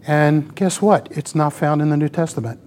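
A fairly high-pitched, somewhat mellow voice moves at a normal speed, with a little hiss or hum in the recording. The speaker, a man in his mid-sixties, gives an informal, rambling sermon with slides, peppered with "you know."

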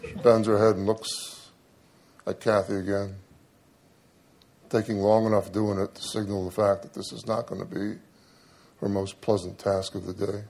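A man's voice: fairly low pitch, normal speed, vocal fry, long pauses. A middle-aged man preaching a sermon, telling a humorous personal story with dry asides before turning to scripture. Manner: storytelling, animated when quoting himself, dry asides.

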